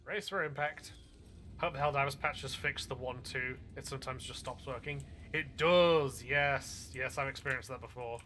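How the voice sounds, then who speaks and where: A man casually chatting while streaming a game, excitable, rambling and swearing freely. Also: medium pitch, normal speed, slight background noise. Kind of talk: casual gaming stream chat.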